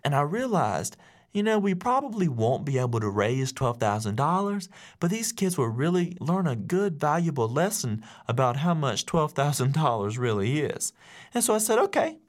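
A man who teaches, telling a story to an audience in an animated way and acting out the voices of the people in it. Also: mid-range voice, normal speed. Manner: animated, acts out quoted voices. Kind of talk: storytelling speech.

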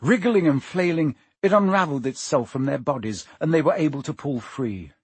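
A man narrating an audiobook with expressive, dramatic pacing. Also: a little high, fairly quick, husky, no echo. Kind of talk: audiobook reading.

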